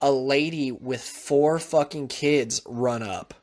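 A man's voice: fairly high pitch, expressive, normal speed, hardly any pauses. Swearing man telling stories. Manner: swears a lot, tells stories animatedly. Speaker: podcast co-host. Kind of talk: casual chat.

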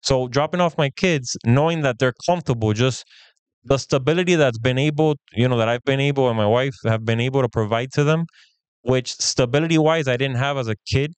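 A man's voice: mid-range voice, a little fast, clear, resonant tone, no room sound. A man in his thirties co-hosting a podcast, telling a story in casual chat and acting out the quoted lines of the people in it. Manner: animated, acts out quoted dialogue. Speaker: podcast co-host.

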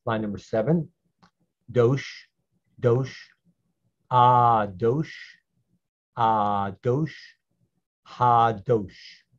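A man teaching a slow Hebrew reading lesson, patiently repeating each syllable so learners can follow. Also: medium pitch. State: clearing his throat. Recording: dull lo-fi sound.

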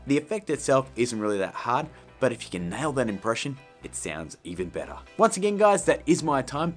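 A man hosting a casual editing tutorial, chatty and upbeat with jokey asides. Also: mid-range voice. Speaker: video tutorial host.

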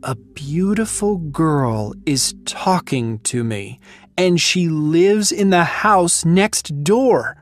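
A woman narrating a story in first person, reading slowly and clearly for language learners. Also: low voice, animated.

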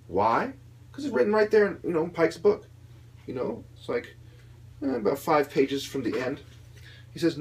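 A man's voice: fairly high pitch, expressive, fairly quick, darkish tone. A young man delivering a heated, profane political rant, mocking the people he criticizes in put-on voices. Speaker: video commentator.

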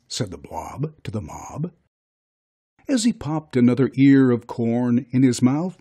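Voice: mid-range voice, a little slow, breathy edge. 絵本を読み聞かせる語り手。抑揚が非常に豊かで歌うような語り口。ゆっくりとしたペースで、柔らかく暗めの、息の混じった声。. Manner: sing-song, expressive. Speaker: narrator. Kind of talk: children's storybook reading.

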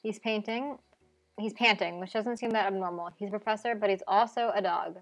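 A woman's voice: mid-range voice, steady tone, brisk, faint music behind. Wry woman streamer reading a game. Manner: wry, playful narration with asides.

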